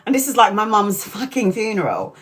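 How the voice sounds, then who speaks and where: A woman's voice: medium pitch, very animated, brisk, a bit bright, breathy edge. Middle-aged woman, live-stream chat, swears a lot, laughs often, casual storytelling. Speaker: tarot reader streamer.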